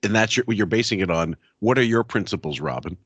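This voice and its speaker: A man co-hosting a podcast, talking in a halting way with many restarts. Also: lowish voice, fairly bright tone, breathy edge, no room sound, dull audio. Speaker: podcast co-host. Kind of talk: casual chat.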